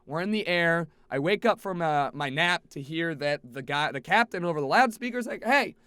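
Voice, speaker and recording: A young man with a high, bright voice recounts a travel mishap, swearing freely and swinging from exasperated near-shouts to quiet grumbles. He sounds close on a headset, in a dry room with no echo. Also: moderate pace, smooth. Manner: animated, profane, swings from exasperated shouting to low mutters. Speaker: streamer telling a travel story. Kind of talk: casual storytelling to camera.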